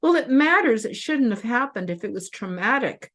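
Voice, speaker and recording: A woman's voice: fairly high pitch, animated, fairly bright tone. Tearful woman host telling a personal story. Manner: earnest, openly emotional, halting with restarts.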